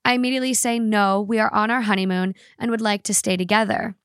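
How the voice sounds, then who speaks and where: A woman's voice: medium pitch, fast, no room sound. Woman reading a story aloud, dry sound. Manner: expressive storytelling read. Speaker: podcast co-host reading a story. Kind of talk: reading aloud, then casual chat.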